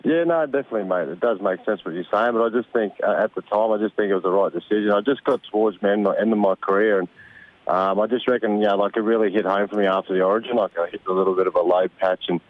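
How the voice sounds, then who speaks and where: A man's voice: low voice, steady tone, quick pace, dry recording. A retired rugby league player in his thirties with an Australian accent, chatting casually on a phone line and laughing easily. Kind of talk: casual radio chat on the phone.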